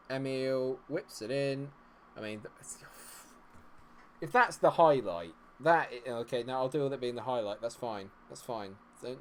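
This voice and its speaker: A man giving running commentary as a streamer, exasperated and muttering, with loud outbursts. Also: medium pitch, a little hiss or hum. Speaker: gaming streamer. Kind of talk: live game commentary.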